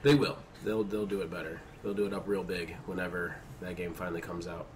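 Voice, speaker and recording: A man's voice: sits low, little pitch movement, brisk, background noise. A man with a cold and a nasal-sounding voice, joking around while co-commentating a shooter match. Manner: joking, teasing banter. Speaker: gameplay co-commentator. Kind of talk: casual gaming commentary.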